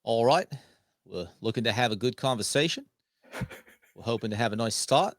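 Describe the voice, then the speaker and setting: A man's voice: medium pitch, expressive, moderate pace, no room sound, studio quality. A man hosting a sports podcast, talking casually, rambling and correcting himself as he goes. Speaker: podcast host.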